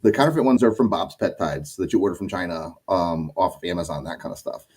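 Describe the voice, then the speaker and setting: A man's voice: deep voice, quick pace, breathy edge. A man co-hosting a casual livestream. He reads viewer questions and explains things loosely, with lots of fillers. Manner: relaxed, explains with many fillers. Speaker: co-host reading viewer questions.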